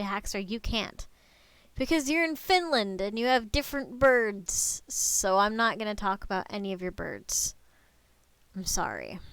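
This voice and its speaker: A young woman streams a relaxed lecture, talking straight to her chat and cursing offhandedly. Her voice is smooth and clear, and the sound is dry and close. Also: medium pitch, dry recording. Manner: chatty, swears casually, talks to chat. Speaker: streamer giving a bird lecture. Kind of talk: casual live-stream lecture.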